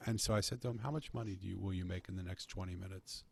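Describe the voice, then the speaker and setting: A man's voice: deep voice, fairly even intonation, very fast, creaky, few pauses, a little mellow, slightly rough, dry recording. A man earnestly telling a personal story in conversation, often restarting his phrases. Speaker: podcast guest telling a story.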